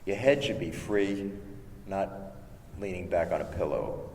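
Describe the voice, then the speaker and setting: Slow, low-voiced male meditation guide, recorded in a reverberant chapel. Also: creaky. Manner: slow, gentle guidance with hesitant restarts and chanted syllables. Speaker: meditation teacher. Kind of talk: guiding a contemplative prayer workshop. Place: large chapel with long reverb. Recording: echoey chapel recording, faint hiss.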